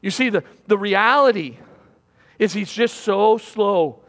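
High-voiced preacher in a reverberant hall. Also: male voice, expressive, takes it slowly. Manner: dramatic swings between loud and hushed, repeats phrases. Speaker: pastor. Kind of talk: sermon. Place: church platform.

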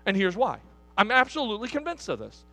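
High, bright-voiced man preaching emphatically. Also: huge pitch swings, fast talker, vocal fry, faint music behind. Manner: emphatic, repeats and asks the congregation questions. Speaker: pastor. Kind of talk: sermon. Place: church hall.

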